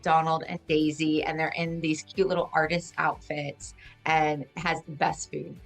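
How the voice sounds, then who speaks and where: A woman's voice: deep voice, flat delivery, normal speed, vocal fry, faint music behind, poor audio. A woman guest on a TV show, answering interview questions with enthusiastic, gushing detail. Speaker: guest, Disney blogger.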